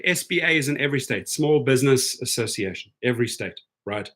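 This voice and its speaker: A man hosting a casual livestream for gig drivers, chatty and excitable, reading viewer comments aloud. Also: mid-range voice, fairly quick, few pauses.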